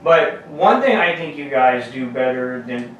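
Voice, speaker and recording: A man's voice: mid-range voice, lively intonation, a little slow. A man hosting a podcast, talking in a profane, emphatic way in casual chat. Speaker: podcast host. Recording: roomy, distant mic with faint noise.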